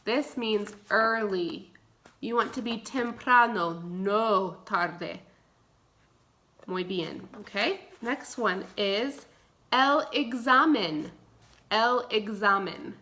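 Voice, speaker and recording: A female Spanish teacher leads a remote vocabulary lesson, having the class repeat words after her. Her mid-range voice is bright and forceful, and she drills slowly and clearly in a repeat-after-me style.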